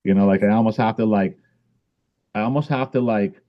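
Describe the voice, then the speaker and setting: A man's voice: on the low side, brisk, dull audio. A man guest in a casual interview, talking in a rambling way with many fillers and restarts. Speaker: podcast guest, author.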